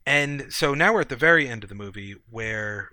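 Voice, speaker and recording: A man's voice: mid-range voice, animated, a little fast, sharp tone, no echo. A man co-hosting a movie podcast, checking his notes and breaking down the plot for listeners. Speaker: podcast co-host. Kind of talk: casual movie review chat.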